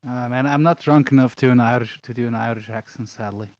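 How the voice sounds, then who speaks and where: A man's voice: medium pitch, steady tone, fast talker, a little mellow, dry recording. Blunt man on a dull, dry call line. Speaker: guest. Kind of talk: casual chat.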